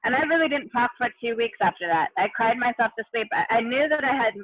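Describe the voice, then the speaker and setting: A woman's voice: on the high side, animated, fast talker, no echo. An earnest middle-aged woman recounts her own story as a guest on a remote call. She talks vividly and restarts her sentences often. Her voice comes through a thin, phone-like line with no room sound at all. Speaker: interview guest, education consultant. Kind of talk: personal storytelling in a conversation. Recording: tinny phone-like line, dry.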